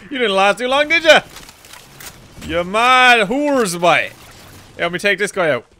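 Young let's player, rowdy and profane, bright voice, slow unhurried delivery. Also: male voice, sits high, big pitch swings, a little hiss or hum. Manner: rowdy, joking banter at the game, cursing. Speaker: gaming YouTuber. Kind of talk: let's play commentary.

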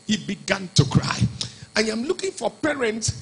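A man preaching a sermon as pastor, shifting between hushed storytelling and shouted exhortation. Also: high voice, very animated, moderate pace, slight background noise, rough recording.

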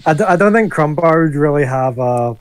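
A man playing a tabletop game, speaking in a relaxed way that trips over its own words. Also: on the high side, fairly quick. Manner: stumbling, relaxed. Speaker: player. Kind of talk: casual tabletop game play.

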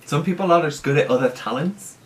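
A man hosting a casual reaction chat, chatty and excitable, swearing freely. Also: on the high side, fairly quick, a little hiss or hum. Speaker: host.

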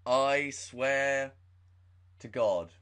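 A man's voice: medium pitch, drawn-out words, fairly bright tone, smooth. A man hosting a horror game let's play, talking nervously, swearing a lot and mocking himself. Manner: nervous, profane, self-mocking. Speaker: gaming channel host.

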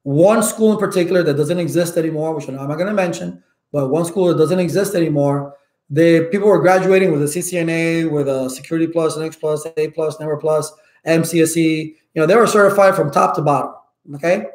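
A loud, emphatic male instructor talks casually to his viewers, with a voice that sits a bit high. He keeps punctuating his points with "okay?". The room gives his voice an echo. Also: fairly quick. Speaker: IT certification instructor.

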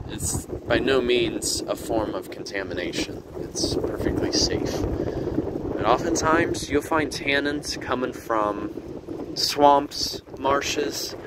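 A man giving easygoing, explanatory commentary on a nature walk by a river, loose with fillers, recorded on a handheld camera mic outdoors. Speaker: nature vlogger. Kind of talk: walking nature tour commentary. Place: outdoors by a river in a windy garden. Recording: wind rumble on outdoor mic. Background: wind noise.

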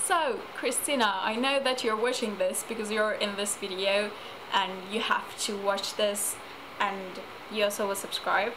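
A woman's voice: medium pitch, fairly even intonation, a little slow. A teenage girl chatting casually in a home vlog, giggling often. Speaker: vlogger. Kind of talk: casual chat. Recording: noisy home video.

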